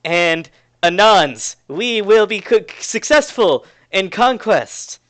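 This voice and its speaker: A man's voice: high-pitched, animated, takes it slowly, a bit bright, voice pushed up, exaggerated voice. A man voicing a boastful, theatrical young male student who turns timid at times, with grand proclamations and cackling laughs. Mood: grandiose.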